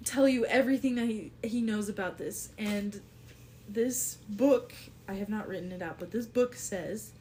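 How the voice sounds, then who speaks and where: A woman's voice: mid-range voice, moderate pace, dark tone, slight background noise. A woman narrating a tabletop game as game master, giggly and full of fillers.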